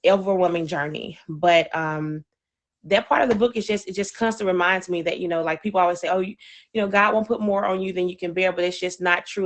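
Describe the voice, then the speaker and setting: A woman hosting a podcast, talking in a reflective, earnest and halting way. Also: lowish voice. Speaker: podcast host. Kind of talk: casual podcast talk.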